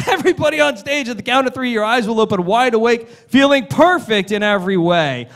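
A man's voice: very high-pitched, lively intonation, fairly quick, fairly bright tone. A man, performing as a stage hypnotist, giving repetitive, commanding suggestions and often laughing. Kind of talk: live hypnosis show patter. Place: conference stage before a live audience. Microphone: stage microphone, audience not mic'd.

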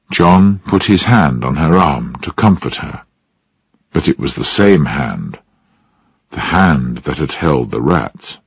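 A man narrating a story slowly and deliberately for language learners. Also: rumbling low, expressive, no room sound, lo-fi sound. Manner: clear, deliberate phrasing. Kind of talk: slow storybook reading for learners.

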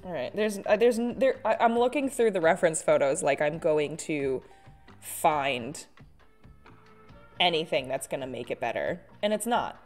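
Her low, expressive voice moves at a moderate pace over faint background music. She's an artist drawing on a live stream, chatting loosely, teasing herself, and often laughing or sighing.

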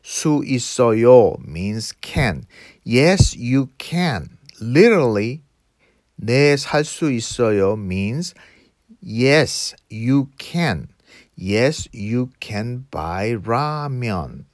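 A man teaching phrases in English, explaining patiently and repeating each phrase slowly. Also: mid-range voice, big pitch swings, dry recording, clean studio sound. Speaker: Korean language teacher. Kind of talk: slow explanatory lesson.

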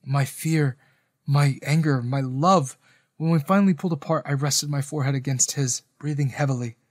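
A man's voice: mid-range voice, moderate pace, no echo, studio quality. A man narrating a first-person romance story in an earnest, emotional manner.

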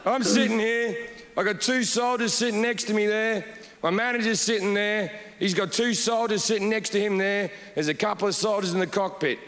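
A man telling a stand-up story on stage, deadpan with sudden shouted outbursts. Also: sits high, moderate pace. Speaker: stand-up comedian. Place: large comedy hall with audience. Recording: reverberant hall, noisy crowd.

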